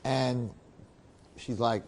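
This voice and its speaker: Rabbi guy spinning a story, lively, keeps going "okay? right?". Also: medium pitch, extremely slow, long reverb tail, slight background noise. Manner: animated, checks in with listeners. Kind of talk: storytelling in a talk.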